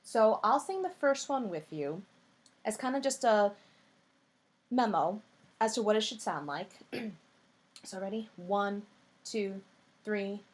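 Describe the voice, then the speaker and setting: A woman's voice: medium pitch, lively intonation, takes it slowly, pauses often. A woman voice teacher giving a singing lesson in a patient, coaching way, her voice a little scratchy. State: slightly scratchy voice.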